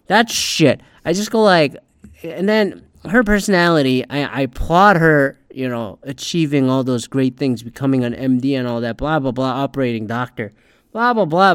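A man's voice: a little high, clean tone, dry recording, studio quality. A man ranting in casual, rambling commentary, sarcastic and swearing constantly as a podcast host. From Asian heritage.

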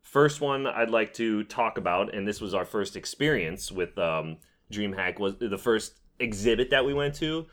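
A man's voice: on the low side, expressive, normal speed, a bit bright. A man casually telling a gaming story on a podcast, rambling with fillers and restarts. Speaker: podcast co-host. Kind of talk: casual chat.

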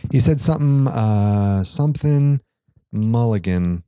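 Mellow-voiced man telling a rambling story. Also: mid-range voice, animated, takes it slowly, smooth, no echo, studio quality. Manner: rambling, laughs often, swears casually. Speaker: podcast co-host. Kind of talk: casual storytelling chat.

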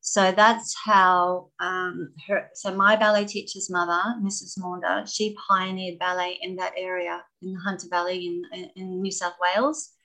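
A woman telling stories about her ballet training in a casual interview, animated and laughing often. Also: lowish voice, normal speed, few pauses, low-quality recording. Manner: animated, laughing, expressive storyteller. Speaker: guest, former ballet dancer.

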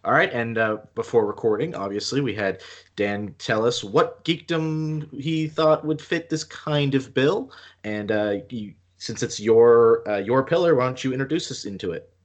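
A man's voice: mid-range voice, moderate pace, highs cut off. A man co-hosting a podcast, explaining things at length with frequent restarts. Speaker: podcast co-host. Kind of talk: casual podcast chat.

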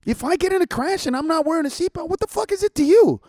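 A man's voice: very high voice, fast talker, dry recording, clean studio sound. A man who is a stand-up comedian, ranting in casual podcast chat, full of swearing. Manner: profane, animated ranting.

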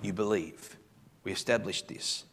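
A man, a pastor preaching a live sermon in church, telling the story with emphatic, animated delivery and frequent restarts. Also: on the low side, a little slow, creaky, slight background noise. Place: church service.

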